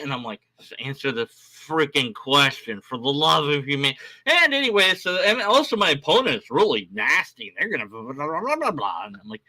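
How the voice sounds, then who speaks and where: A man's voice: fairly high pitch, huge pitch swings, normal speed, pushed and bright. A man on a live stream, ranting in a casual, rambling way, exasperated and mocking. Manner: exasperated, restless, mocking with blah-blah mimicry.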